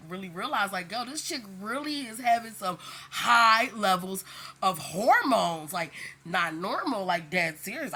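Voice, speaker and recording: A woman's voice: medium pitch, sharp tone, husky. A woman speaking in a casual, candid monologue to camera, emphatic and slangy, rambling with lots of fillers. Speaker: vlogger.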